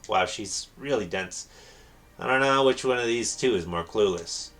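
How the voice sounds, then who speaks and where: A man's voice: on the low side, moderate pace, fairly bright tone. A man commenting wryly as he plays through a game and reads its dialogue. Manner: wry, amused asides. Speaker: let's player. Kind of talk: game commentary reading aloud. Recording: game music behind.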